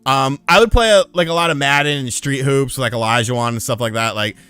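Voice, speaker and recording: A young man streaming live, telling a crude anecdote in a casual, profane, animated way to his chat. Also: mid-range voice, a little fast, clear, resonant tone, no echo.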